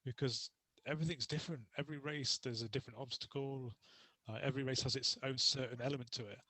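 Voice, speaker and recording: A man's voice: mid-range voice, fairly even intonation, quick pace, pushed and bright. A young man talking as a guest on a casual podcast, spinning anecdotes in a chatty way and laughing easily. His voice sits in an ordinary middle range, and the sound is dry, with no room echo. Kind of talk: casual interview chat.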